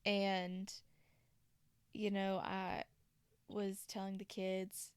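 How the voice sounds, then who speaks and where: A woman's voice: medium pitch, completely flat delivery, drawn-out words, smooth, no echo. A woman from Tennessee hosting a podcast, retelling a story casually with chatty asides. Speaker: podcast host.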